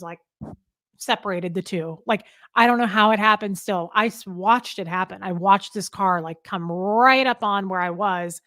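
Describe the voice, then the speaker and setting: A middle-aged woman talks through a live stream. Her voice sits at an ordinary pitch, sincere and a little rambling, with plenty of ums as she reads comments. The sound is dry and close, with no room echo. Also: fairly bright tone. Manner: heartfelt, rambling, with many ums. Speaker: host of a live chat. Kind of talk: casual live-stream chat reading comments.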